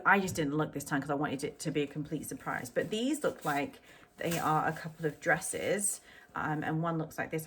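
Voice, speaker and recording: A woman's voice: deep voice, slight background noise. A middle-aged woman vlogging a clothing unboxing in a chatty, rambling way with lots of ums. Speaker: fashion vlogger. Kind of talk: casual unboxing chat to camera.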